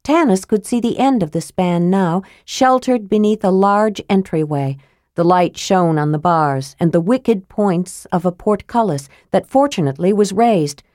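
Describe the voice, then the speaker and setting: A woman narrating a fantasy audiobook in a steady, measured storytelling manner. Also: medium pitch, no room sound, clean studio sound.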